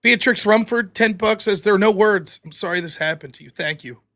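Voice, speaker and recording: A man's voice: high-pitched, a little fast, sharp tone. An American man hosting a live stream, reading viewer donations aloud in a mock-wounded, self-deprecating way. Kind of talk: casual live-stream chat.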